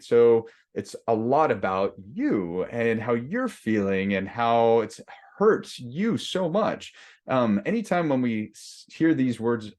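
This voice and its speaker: A man's voice: mid-range voice, sing-song, takes it slowly, a little mellow. A man coaching a workshop group in a conversational way, with many restarts, acting out the voices of a complaining mind. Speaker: leadership coach. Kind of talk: workshop lesson.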